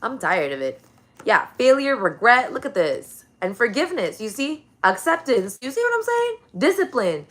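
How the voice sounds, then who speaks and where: A woman's voice: a little high, sing-song, moderate pace, a bit bright. A woman in a casual religious rant, profane and emphatic, repeating her key phrases.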